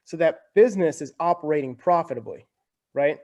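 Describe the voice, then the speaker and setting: A talkative young man speaking as a podcast guest, his voice sitting a bit higher than most men's. He explains in a loose, conversational flow and keeps checking in with "right?" between points. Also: fairly quick, darkish tone. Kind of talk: casual explanatory talk.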